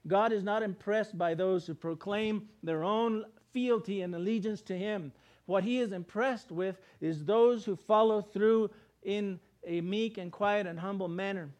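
A man's voice: high voice, a little mellow. A man preaching a sermon in a conversational, emphatic way, using plain everyday words and briefly acting out the people he quotes. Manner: acts out the people he quotes in quick voices.

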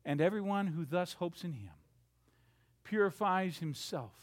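A man preaching a sermon, swinging from loud, dramatic lines to hushed ones and acting out the quotes he reads. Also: high voice, lively intonation, measured pace.

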